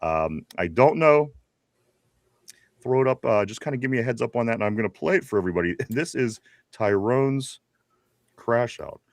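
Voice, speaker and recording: A man with a Pittsburgh accent hosts a live sports chat, reading viewer comments aloud and laughing between them. His pitch swings a lot as he rambles. The sound is dry and close. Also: animated, moderate pace, dry recording. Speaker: podcast co-host. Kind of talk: casual live-stream chat.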